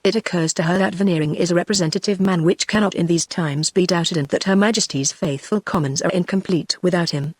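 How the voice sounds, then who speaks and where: A woman's voice: on the low side, a little fast, few pauses, husky, dry recording. Synthetic British English woman reading a novel. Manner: even, machine-read delivery. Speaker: audiobook narrator. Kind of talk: text-to-speech book reading.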